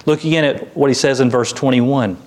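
A man delivers a sermon in a relaxed, conversational way. His voice sits at an ordinary middle pitch. He adds light humor and lifts into lively voices when he quotes. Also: fairly quick. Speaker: pastor.

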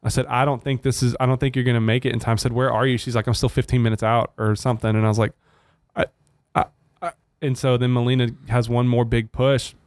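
A man's voice: mid-range voice, quick pace, no room sound. Podcast guy in his 30s telling a story, acts out the quotes, dry close mic. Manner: animated storyteller acting out quotes. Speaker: podcast co-host. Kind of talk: casual storytelling chat.

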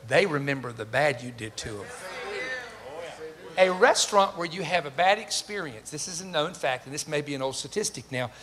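This pastor is an older man whose voice runs on the high side at a normal speed. Telling stories in his sermon, he animatedly acts out the quoted voices and trades jokes with the congregation, all in a reverberant church sanctuary with faint background noise.

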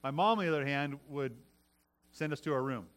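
This pastor, a middle-aged man, has a fairly high, fairly bright voice and speaks fairly quickly. His sermon feels like a conversation, full of restarted phrases and repeated "right?" checks with the congregation.

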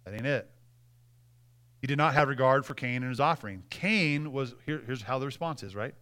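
A man's voice: mid-range voice, fairly quick, pushed and bright. A male pastor giving a conversational sermon and acting out quotes as he preaches.

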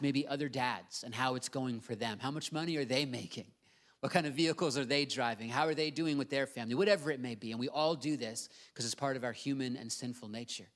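Speaking in a mid-range voice, a middle-aged pastor preaches with earnest emphasis. He lets his pace drop whenever he wants a key word to land.

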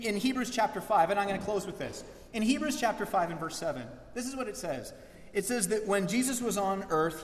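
A man preaching a sermon as pastor, lively and acting out the voices he quotes. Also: high-pitched. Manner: animated, acts out quoted voices. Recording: echoey church hall.

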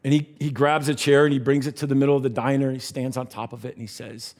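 A man preaching by telling a story, animated and giving voices to the characters in it. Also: mid-range voice, fast. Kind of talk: sermon storytelling.

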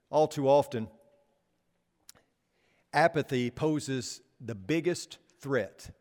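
A man's voice: a little high, big-room sound. A man preaching a sermon to his congregation, speaking conversationally and often turning statements into questions for them. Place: church sanctuary.

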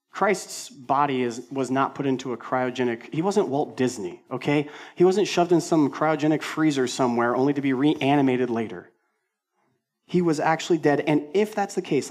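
The sermon comes from a male senior pastor who speaks in a lively, conversational manner at medium pitch, with forceful repetition and self-mocking humor.

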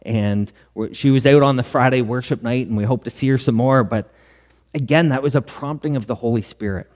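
A middle-aged man preaching in a church hall, his voice trailing a long reverb. His pitch sits in the middle range for a man, and he tells stories in an earnest way with quoted dialogue. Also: a little fast, darkish tone. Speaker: pastor. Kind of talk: sermon.

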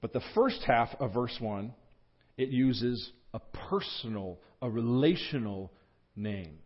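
A man preaching a sermon, teaching through a scripture passage in an earnest tone with fillers and restarts, jumping up in pitch and volume when he voices the words he quotes. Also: slow pace, breathy edge, lo-fi sound. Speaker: pastor. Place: church.

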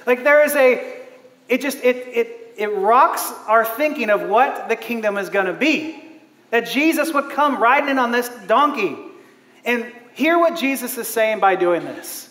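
A man preaching a sermon as a pastor, animated, laughing often and acting out the voices he quotes. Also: very high voice, measured pace. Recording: echoey hall.

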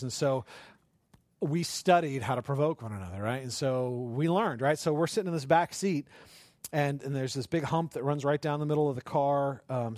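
A man's voice: medium pitch, no echo. A male pastor preaching in a conversational storytelling way, often checking in with the listeners and acting out the voices in his stories. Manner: storytelling, tag questions, acts out voices. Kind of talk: conversational sermon.

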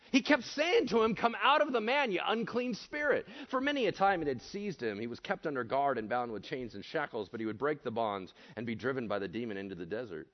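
A man preaching with a lively, swooping voice pitched a bit high. He is animated and jokey, and he acts out voices as he goes. The recording is dull and lo-fi. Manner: animated, jokey, acts out voices, shifts between loud and hushed. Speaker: pastor. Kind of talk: animated sermon. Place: church room with audience.

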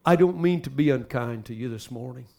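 A man preaching a sermon as pastor, dropping to soft asides and then climbing into loud, urgent exhortation. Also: medium pitch, fairly quick, vocal fry.

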